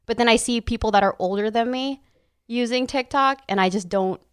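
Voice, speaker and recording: A woman's voice: on the high side, a little fast, clear, resonant tone, dry recording, clean studio sound. A woman co-hosting a casual podcast chat. She teases the others in a playful way and laughs often. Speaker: podcast co-host.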